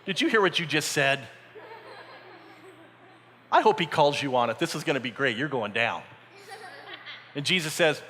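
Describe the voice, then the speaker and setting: A man's voice: fairly high pitch, big pitch swings, moderate pace, pauses often, pushed and bright, a little hiss or hum. A man preaching a dramatic, story-driven sermon at a camp, acting out voices as he tells the story. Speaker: camp speaker. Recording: echoey hall.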